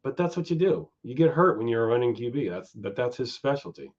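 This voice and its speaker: Male stream host, chatty and profane, lively up-and-down delivery, dull lo-fi audio. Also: mid-range voice, brisk. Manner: chatty, swears freely, goes off on tangents. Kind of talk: casual live-stream chat.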